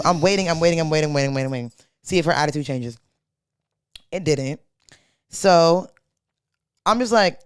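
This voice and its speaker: A woman's voice: low-pitched, a little fast, pauses often, clear, resonant tone, dry recording. A young woman co-hosting a podcast in a studio, telling a story in casual chat with lots of slang and swearing, acting out what people said. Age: young adult. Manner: slangy, profane, animated storyteller acting out quotes. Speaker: podcast co-host.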